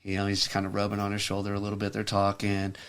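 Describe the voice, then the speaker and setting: A man's voice: fairly low pitch, completely flat delivery, quick pace, fairly bright tone, smooth. A man in casual podcast chat, telling an anecdote in a laid-back way with lots of "you know" and "kinda". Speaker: podcast co-host.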